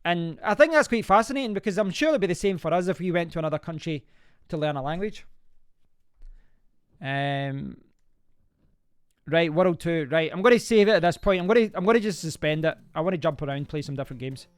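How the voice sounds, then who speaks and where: Man, live-stream gamer, rambling casual chat, smooth resonant tone. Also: on the high side, lively intonation, a little fast, no echo, studio quality. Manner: rambling, chatty, reacts aloud to the game.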